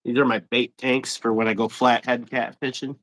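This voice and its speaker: A man hosting a casual live-stream fishing interview, excitable and quick to laugh. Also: medium pitch, low-quality recording. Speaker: host.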